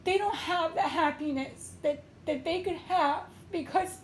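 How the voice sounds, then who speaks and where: A woman tarot reader and medium giving an emotional, tearful reading with a slow, pleading delivery. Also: extremely high pitch, reverberant, a little hiss or hum.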